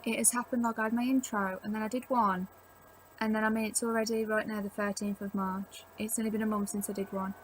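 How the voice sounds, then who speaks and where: At home indoors, a young woman vlogger chats casually to camera, rambling and using "like" a lot while giving tips. Her voice is mid-range and level, and she talks fast; the audio is poor with a little hiss or hum.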